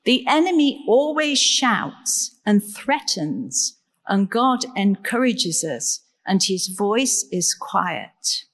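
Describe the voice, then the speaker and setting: A woman preaching a sermon in a slow, measured way and asking rhetorical questions. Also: medium pitch, very animated, fairly bright tone. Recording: long reverb in a large hall.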